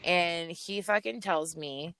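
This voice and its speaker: Here is a woman with a lowish voice that has a gravelly fry and a bright, sharp edge. She tells her story bluntly and animatedly as a podcast guest, swearing freely. The sound is dry and close, with no room behind her. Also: takes it slowly, no echo. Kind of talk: casual storytelling.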